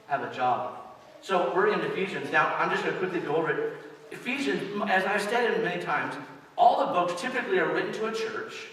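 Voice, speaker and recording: A man's voice: fairly high pitch, a bit bright. A middle-aged man preaching a sermon as pastor, speaking conversationally and turning to address the children directly. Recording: distant mic, echoey church hall, faint hiss.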